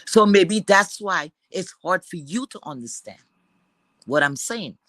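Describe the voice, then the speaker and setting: A woman's voice: on the low side, animated, a little slow, a bit bright, dry recording, low-quality recording. Scornful Caribbean woman ranting, profane. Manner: repeats words for emphasis. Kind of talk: angry rant to viewers.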